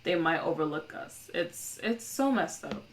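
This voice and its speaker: A woman talking as a guest on a podcast in an earnest, measured conversational way. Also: fairly low pitch, animated, slight background noise. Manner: earnest, measured, quotes others. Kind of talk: casual conversation.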